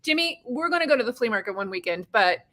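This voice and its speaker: A woman guest chatting cheerfully and laughing often. Her voice is high and bright, and she talks with a giggly, playful energy. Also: sing-song, fast talker. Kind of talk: casual chat.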